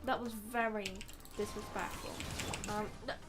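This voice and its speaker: A young woman streaming a game, chatting playfully and rambling with loud exclamations. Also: mid-range voice, fairly even intonation, unhurried. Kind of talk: casual live gameplay commentary.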